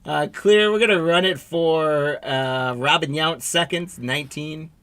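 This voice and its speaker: Bright, chatty man hosting a card stream. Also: a little high, a little slow, slight background noise. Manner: reads out player names and teams in a running patter, chatting with viewers. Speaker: host of a live trading card break stream. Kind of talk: live-stream commentary.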